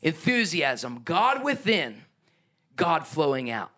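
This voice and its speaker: Man, pastor, sermon, emphatic and lively delivery, fairly high voice. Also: slow. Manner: energetic, emphatic preaching with asides and chuckles.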